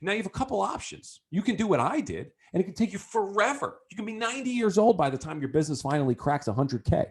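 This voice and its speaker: A man telling a personal story in a casual, animated way and turning it into a lesson for entrepreneurs. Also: high voice, quick pace, few pauses, slightly rough. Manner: animated, lots of fillers and restarts. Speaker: business coach speaking to entrepreneurs.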